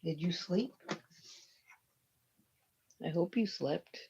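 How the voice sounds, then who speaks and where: A woman's voice: lowish voice, very slow, vocal fry. A woman hosting a casual livestream, chatting with viewers and greeting them by name, her voice a bit stuffy as if catching a cold. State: slightly stuffy, sounding like a cold. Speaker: livestream host. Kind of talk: casual live chat with viewers. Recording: dull lo-fi stream audio with faint noise.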